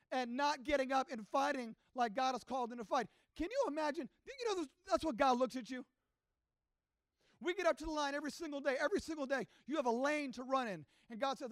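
Very high-voiced preaching man. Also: no echo. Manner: impassioned storytelling that builds to shouting. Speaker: pastor. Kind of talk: sermon.

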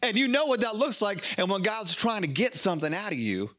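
Male pastor, high bright voice, animated sermon delivery with acted-out exchanges. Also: a little fast. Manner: animated, acts out little dialogues.

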